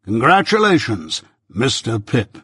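A man with a husky voice voicing a stern, deliberate middle-aged lawyer who questions slowly and emphatically, in a storybook reading. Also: medium pitch, wildly swooping pitch, bright, forceful tone, dry recording, clean studio sound, exaggerated voice. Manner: slow, emphatic cross-examining delivery.

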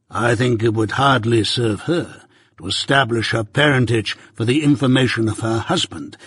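A man reading an audiobook, voicing a dictatorial lawyer who speaks in grave, measured, commanding tones. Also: mid-range voice, fairly bright tone, husky, no room sound, clean studio sound. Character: dictatorial middle-aged male lawyer, grave and magisterial.

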